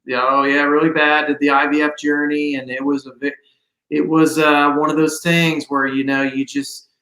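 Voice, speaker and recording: A man's voice: fairly high pitch, flat delivery, normal speed, sharp tone. Easygoing man in a roomy space. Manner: easygoing, hesitant, many fillers. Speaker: musician guest. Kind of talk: casual interview chat. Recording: roomy echo.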